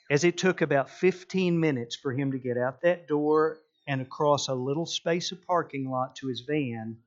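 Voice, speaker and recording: A man's voice: on the high side, dull audio. A middle-aged man, preaching a sermon and telling stories with acted-out voices. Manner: animated storytelling, acting out voices. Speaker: pastor.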